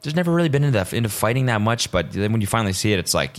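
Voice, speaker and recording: Lively, swearing podcast host guy. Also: lowish voice, racing. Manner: rambling, profane, swings between excited and deadpan. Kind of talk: casual solo podcast monologue.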